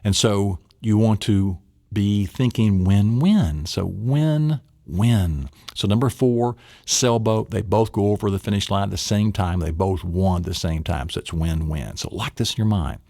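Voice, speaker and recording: A man's voice: lowish voice, measured pace, gravelly, mellow, no room sound, studio quality. A middle-aged man teaching a memory technique, playful and acting out little scenes along the way. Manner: playful, acts out little scenes in silly voices. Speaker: memory trainer.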